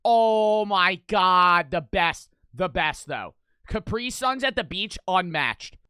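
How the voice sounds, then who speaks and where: A young man casually reacting to old commercials, loud and ranting, with a lot of swearing. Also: sits high, lively intonation, slow, clear, resonant tone, no echo.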